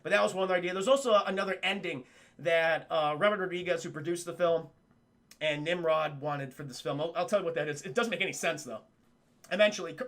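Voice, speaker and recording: Excitable high-voiced man recapping a movie. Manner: excitable, profane, laughs often, talks to chat. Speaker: film reviewer streaming to live chat. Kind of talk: animated spoiler recap with quoted character voices.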